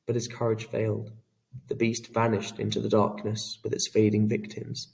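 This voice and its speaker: A man reading an audiobook in a measured, dramatic storytelling manner. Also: on the low side, little pitch movement, creaky, a little mellow, far from the mic. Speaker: audiobook narrator. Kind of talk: scripted narration.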